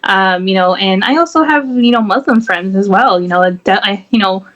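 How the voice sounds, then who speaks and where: A woman's voice: mid-range voice, normal speed, fairly bright tone, muffled recording. A woman speaking as a podcast guest in casual chat, packing her talk with fillers like "you know" and "definitely" and laughing often. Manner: laughs often while talking.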